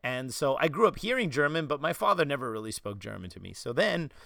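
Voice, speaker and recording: Bright-voiced New York man telling stories. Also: medium pitch, fast, vocal fry, dry recording. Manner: animated storytelling, slipping into quoted voices. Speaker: podcast host. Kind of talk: casual chat.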